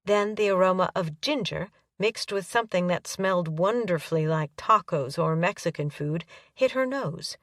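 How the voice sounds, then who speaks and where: A woman's voice: lowish voice, normal speed, few pauses, no room sound, far from the mic. Woman narrating an audiobook, dry and close. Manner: reads dialogue with light character voices. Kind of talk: scripted narration.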